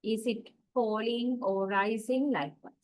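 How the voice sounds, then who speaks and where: A woman with a fairly high voice teaches an English intonation class. She explains each rule step by step, with many "uh" fillers and frequent checks of "right?". She acts out each example sentence with exaggerated rising and falling pitch. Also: fairly even intonation, measured pace, rough recording. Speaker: lecturer. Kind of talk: university lecture on English intonation.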